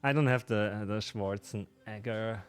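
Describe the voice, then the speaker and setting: A man's voice: lowish voice, a little slow, clean tone, faint music behind. A man with a German accent chatting casually with viewers on a live stream while playing a game, laughing often.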